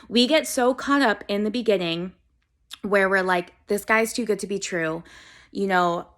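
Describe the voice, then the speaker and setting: A woman's voice: mid-range voice, fairly bright tone. A woman in her twenties talking earnestly and a little teary-eyed in a casual self-love vlog, gushing and talking to herself as if in a mirror. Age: 20s. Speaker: vlogger.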